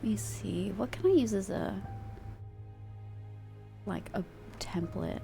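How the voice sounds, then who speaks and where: A woman's voice: mid-range voice, animated, slow, creaky, mellow. Chatty woman streamer, faint music. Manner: chatty, rambling, laughs easily. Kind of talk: casual chat.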